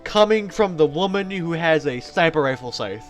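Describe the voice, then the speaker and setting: Guy reading a visual novel out loud, jokey asides, stumbles over words, slightly high voice, soft music under. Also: expressive, normal speed. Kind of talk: game playthrough, reading and commenting.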